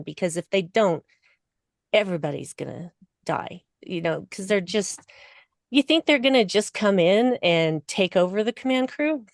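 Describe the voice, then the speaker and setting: Slow-talking woman, emotional podcast guest. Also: dry recording. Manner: emotional, laughs often, voice rising high when excited. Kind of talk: casual podcast discussion.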